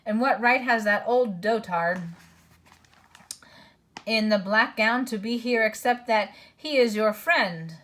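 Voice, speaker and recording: A woman's voice: a little high, slow pace, long pauses, a bit bright, pitched above the performer's own voice. A woman voicing a surly, quarrelsome male dwarf who snarls and sneers. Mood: snarling.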